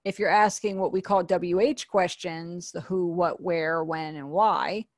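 A woman's voice: fairly low pitch, steady tone, a little slow, no room sound, clean studio sound. A woman teaching an online sign language class, patiently explaining and repeating each word.

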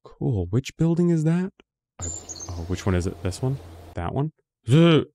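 A man giving casual let's-play commentary, excitable and confused, talking to himself as he plays. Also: mid-range voice, unhurried, slight background noise. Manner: excitable, confused, talks to himself while playing. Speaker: gaming video host.

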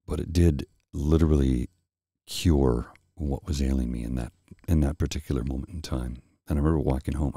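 A middle-aged man hosting a soft-spoken ASMR chat, telling a rambling story slowly and with restarts, close to the mic. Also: a bass voice, slightly rough, no room sound. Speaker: host.

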